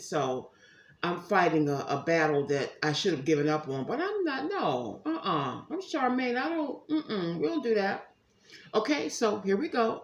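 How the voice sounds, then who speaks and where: A woman giving a casual tarot reading at home, chatty and animated, talking straight to her viewers. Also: mid-range voice. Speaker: tarot reader. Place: room at home. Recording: echoey room.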